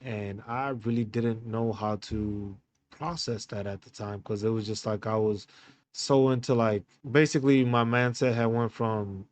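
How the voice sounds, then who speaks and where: A man hosting a podcast, telling a personal story in a candid, halting way with many fillers and restarts. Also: mid-range voice, a little mellow, no room sound. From United States. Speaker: podcast host.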